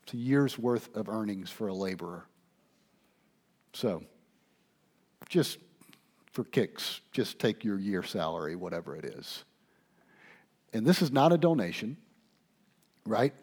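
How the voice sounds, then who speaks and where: A male pastor preaching a sermon, asking his listeners questions and swinging between hushed asides and loud emphasis. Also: on the low side, lively intonation, a little slow, pauses often, breathy edge. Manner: conversational, asks the congregation questions.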